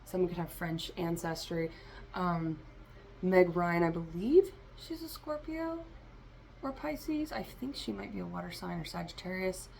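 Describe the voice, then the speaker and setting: A woman with a low, gravelly voice full of vocal fry gives a tarot reading for her vlog. She rambles and free-associates, speaking straight to her listeners, with a faint noise underneath. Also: measured pace, a little mellow. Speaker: tarot reader.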